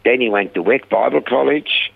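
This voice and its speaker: A man guest telling lively stories about his ministry, acting out the people he quotes, heard over a phone line. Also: mid-range voice, moderate pace, creaky, no room sound. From Australia. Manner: animated storyteller, acts out quoted voices. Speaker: guest, rehab ministry founder. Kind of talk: conversational storytelling interview. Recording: dry phone-line sound.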